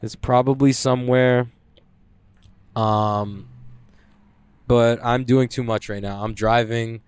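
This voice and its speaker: A man's voice: medium pitch, steady tone, takes it slowly, darkish tone, smooth, no echo. A man hosting a casual solo podcast from his car while driving, talking in a profane, rambling, self-mocking way. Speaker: podcast host. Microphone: headphones with mic.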